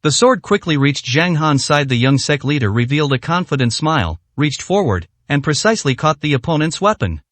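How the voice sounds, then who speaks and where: Lively, fairly high male storyteller. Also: a little fast, few pauses, dry recording. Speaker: narrator. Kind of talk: scripted story narration.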